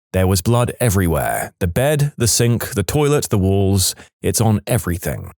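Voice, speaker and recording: A man's voice: on the low side, creaky, a little mellow, no echo. A man narrating a series of short workplace stories in a scripted voice-over, adding his own dry asides between them.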